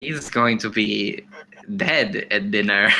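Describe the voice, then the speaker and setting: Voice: medium pitch, slow, creaky, bright, forceful tone, rough recording. A player at a tabletop game bantering and narrating their character with exasperated comebacks. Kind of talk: tabletop role-play banter.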